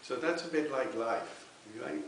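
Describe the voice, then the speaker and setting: A reverend giving an earnest spiritualist sermon with personal testimony, often checking in with the congregation. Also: male voice, medium pitch, animated, measured pace, fairly bright tone. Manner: earnest, tag questions with okay. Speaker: reverend speaking at a spiritualist church. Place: church hall. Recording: very echoey hall, distant mic, faint hiss.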